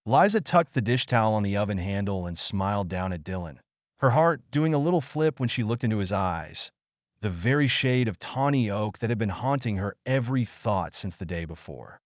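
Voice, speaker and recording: Man narrating an audiobook, low voice, really animated delivery, dry close mic. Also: normal speed, dry recording. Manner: expressive storytelling.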